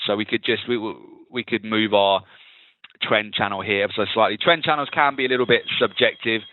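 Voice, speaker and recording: A man's voice: fairly low pitch, a little fast, no room sound. Man with tinny webinar audio. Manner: steady, explanatory, talks through charts. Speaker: webinar host and trading analyst. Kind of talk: live webinar market analysis.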